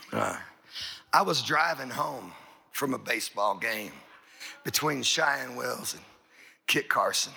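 Middle-aged male pastor, folksy storyteller, gravelly, husky edge. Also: mid-range voice, pushed and bright. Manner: folksy, rambling, repeats words and says "you know". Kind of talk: storytelling sermon.

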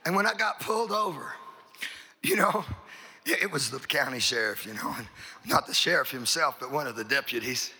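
A man's voice: mid-range voice, expressive, moderate pace, sharp tone, husky. A middle-aged man, a pastor, telling a long folksy story in a sermon, rambling and repeating his words.

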